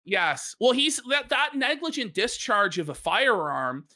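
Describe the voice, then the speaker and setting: A woman's voice: mid-range voice, very animated, a little slow, sharp tone. A woman hosting a live stream, telling a story in casual commentary, laughing and swearing as she goes. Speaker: streamer host.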